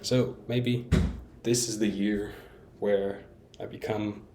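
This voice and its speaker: A man's voice: on the low side, level tone, slow pace, dark tone, slight background noise. A young man talking candidly and at length in a casual vlog monologue, rambling with fillers and restarts and poking fun at himself. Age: young adult. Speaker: vlogger.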